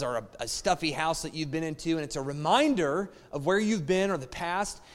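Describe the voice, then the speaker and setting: High-voiced man preaching in an echoing hall. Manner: emphatic, conversational, appeals to listeners. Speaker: pastor. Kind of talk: sermon. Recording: long reverb of a large hall.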